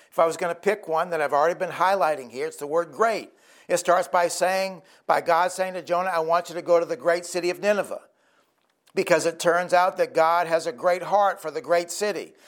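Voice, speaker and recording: A man's voice: high voice, a little fast, a bit bright. A male pastor preaching a sermon in an earnest, conversational storytelling way.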